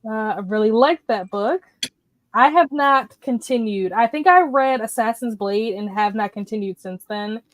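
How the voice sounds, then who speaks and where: A woman's voice: a little high, normal speed, no echo. A woman in her thirties hosting a casual livestream, greeting viewers by name as she chats about books. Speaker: livestream host.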